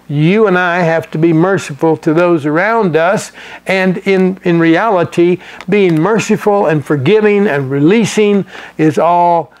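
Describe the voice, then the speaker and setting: Folksy high-voiced preacher man. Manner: folksy, conversational, with frequent restarts and chuckles. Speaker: pastor. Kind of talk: sermon teaching.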